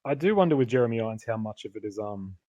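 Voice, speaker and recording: A man's voice: lowish voice, lively intonation, racing, warm tone, no echo. A man co-hosting a casual film podcast, laughing often and acting out quoted lines. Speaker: podcast co-host.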